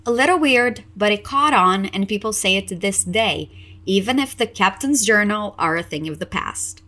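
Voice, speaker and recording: A woman teaching English in a podcast lesson, explaining clearly and encouraging listeners to repeat out loud. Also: medium pitch, lively intonation, moderate pace.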